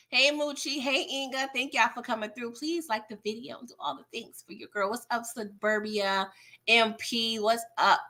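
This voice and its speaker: In a fairly high, sharp-toned voice, a woman offers casual commentary recapping a TV episode. As a reviewer she's chatty and exasperated, laughing at scenes and greeting viewers by name.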